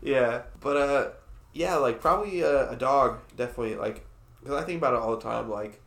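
A man's voice: mid-range voice, a little fast, creaky, a bit bright, reverberant. A man in his twenties hosting a casual podcast chat, laughing often and swearing freely. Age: 20s. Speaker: podcast host.

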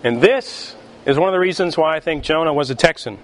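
A man's voice: on the high side, a little hiss or hum. Emphatic male pastor preaching. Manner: deliberate, emphatic preaching with pauses. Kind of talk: sermon.

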